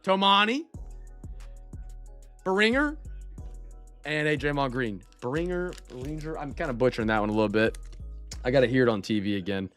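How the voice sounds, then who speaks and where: A man's voice: medium pitch, fast, a bit bright, clean tone, soft background music. A man hosting a live-streamed trading card break, chatting casually with viewers and reading out player names as he goes.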